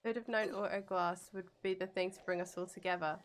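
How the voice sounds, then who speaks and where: A woman's voice: lowish voice, fairly even intonation, brisk. Playful woman streaming a game. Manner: playful and giggly, sings jingles in silly voices. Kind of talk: casual gameplay commentary chatting with viewers.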